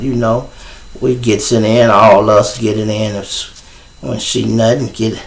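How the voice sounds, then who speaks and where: A middle-aged man with a Chicago accent, hosting his show and telling a profane, animated story in a casual way. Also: mid-range voice, measured pace, vocal fry. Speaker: show host. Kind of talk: storytelling on a livestream.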